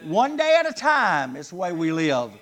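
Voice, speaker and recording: A man's voice: high voice, wildly swooping pitch, a bit bright. A man preaching a sermon to a congregation, stressing key words by drawing them out and asking the listeners questions. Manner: emphatic, drawn-out stresses, asks the congregation questions.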